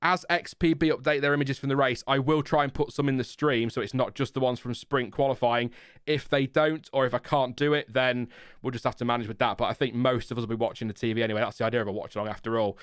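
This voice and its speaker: A man's voice: mid-range voice, fairly even intonation, fast, smooth, dry recording, studio quality. A British man hosting a live-stream watchalong, chatting and laughing at himself from home. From Britain. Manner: chatty, self-deprecating, laughs often. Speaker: host. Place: home room. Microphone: headphones with a desk mic.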